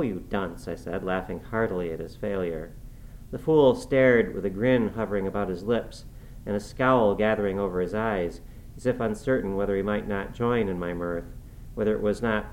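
A man with a rather low voice narrates an old novel in the first person, steady and measured. A faint background noise runs under the reading. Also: low-quality recording. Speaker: audiobook reader.

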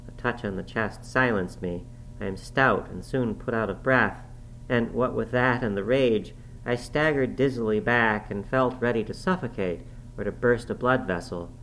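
A man reading a classic novel aloud in a measured, formal narrating manner. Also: mid-range voice, a bit bright, a little hiss or hum, low-quality recording. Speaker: audiobook narrator.

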